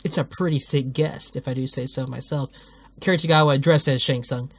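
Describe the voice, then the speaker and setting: A man's voice: mid-range voice, steady tone, fairly quick. A man hosting a casual video commentary who rambles, swears freely and often cuts himself off mid-thought. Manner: rambling, profane, self-interrupting. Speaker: host.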